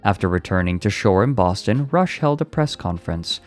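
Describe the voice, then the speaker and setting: Guy streamer reading stuff out loud, swears a lot, kinda low voice, bit of music playing behind. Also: expressive, moderate pace, few pauses. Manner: profane, rambling asides between read passages. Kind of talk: casual stream commentary, reading an article aloud.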